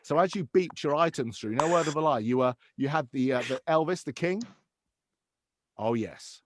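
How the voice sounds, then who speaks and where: Lively comic doing voices. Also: male voice, on the high side, no room sound, studio quality. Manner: rapid switches into put-on voices, laughing at own jokes. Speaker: comedian and voiceover artist. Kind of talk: stand-up comedy with impressions. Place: home, on a video call. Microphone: video call.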